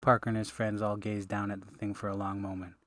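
A man, the author, reading his fantasy audiobook in steady, measured narration. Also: fairly low pitch. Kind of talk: scripted narration.

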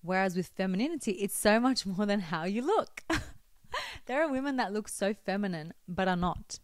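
A woman's voice: mid-range voice, moderate pace, no room sound. Chatty young woman vlogger, dry sound. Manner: chatty and expressive, teasing asides to viewers. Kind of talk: casual faith-based advice talk to camera.

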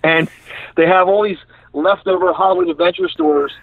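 Philly guy calling in from his truck, kinda high voice, rambles and laughs a lot, tinny dry phone sound. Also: big pitch swings, normal speed, creaky, no echo. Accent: Philadelphia. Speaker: comedian guest. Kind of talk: casual chat. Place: inside his parked truck. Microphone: phone call.

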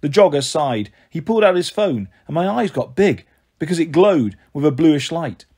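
A man narrating a first-person story as an audiobook reader, in a lively, expressive way. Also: fairly high pitch, moderate pace, slightly rough.

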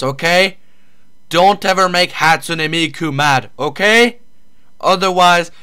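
A lecturing, menacing grown man, voiced by a synthetic male voice. He speaks slowly, with a bright, tense edge. Every word sounds like a warning. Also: a little high, heavily acted. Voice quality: synthetic text-to-speech voice. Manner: threatening, lecturing. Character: stern grown man punishing a troublemaker.

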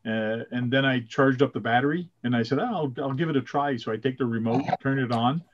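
A male host with a middle-pitched voice, telling stories in an easy, chatty way with plenty of "uh" fillers. His audio is muffled and lo-fi. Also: fairly quick. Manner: chatty storytelling with frequent "uh" fillers. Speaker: host of a live chat show. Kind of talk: casual chat. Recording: muffled lo-fi sound.

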